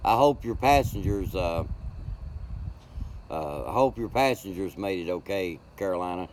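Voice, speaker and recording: Folksy older man, low voice. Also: animated, moderate pace, a little mellow, slight background noise. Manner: folksy, rambling, greets chat by name. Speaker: livestream host. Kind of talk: casual chat with viewers. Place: home.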